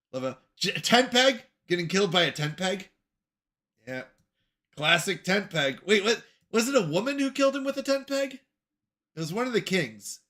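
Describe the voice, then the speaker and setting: A young man chats casually on his stream, reading and answering viewers with a joking, self-deprecating manner and frequent laughs. His voice is bright and sits a little high for a man. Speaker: livestream host reading chat. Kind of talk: casual chat.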